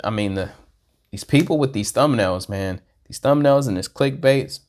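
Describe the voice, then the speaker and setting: A man hosting a casual reaction vlog, rambling and self-deprecating, swinging from hushed asides to excited bursts. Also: lowish voice, normal speed. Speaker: vlogger.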